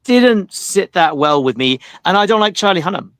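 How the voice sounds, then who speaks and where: Man, panelist, opinionated, measured, dry recording, fairly high. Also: lively intonation, a bit bright, no echo. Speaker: podcast panelist. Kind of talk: casual panel chat.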